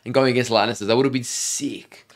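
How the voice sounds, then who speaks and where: An Australian man co-hosting a show reviewing a TV episode, talking in an animated, enthusiastic way. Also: medium pitch, quick pace. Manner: animated, enthusiastic, says "dude" often. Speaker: reaction channel co-host. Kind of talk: casual chat.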